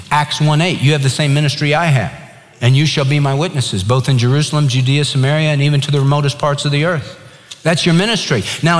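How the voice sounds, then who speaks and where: A man's voice: a little high, fairly bright tone, long reverb tail. A man preaching a sermon as pastor, emphatic and conversational, telling stories along the way.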